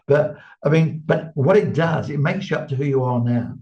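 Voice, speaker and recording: An older English man telling stories in a relaxed interview, chatty and quick to laugh, his quoted voices full of life. The sound is a little dull and muffled. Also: fairly high pitch. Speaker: medium, interview guest. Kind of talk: casual anecdotal interview talk.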